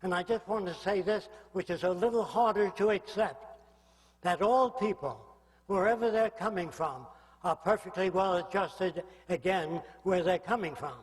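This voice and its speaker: A man's voice: high voice, normal speed. An older man giving a public lecture, blunt and provocative, prodding his listeners with rhetorical questions. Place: lecture hall. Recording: echoey hall reverb.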